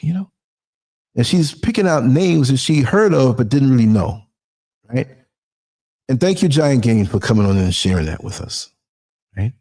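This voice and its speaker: A man's voice: mid-range voice, animated, normal speed, long pauses, darkish tone, slightly rough. A middle-aged man from New York with a New York accent, hosting a talk show in a reflective, rambling conversational way. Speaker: host. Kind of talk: casual talk show monologue.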